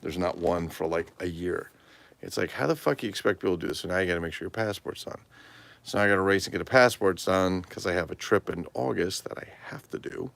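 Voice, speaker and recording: A man's voice: deep voice, quick pace, creaky, fairly bright tone. A tired man chatting casually and rambling on a livestream, swearing freely. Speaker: toy collector livestream host.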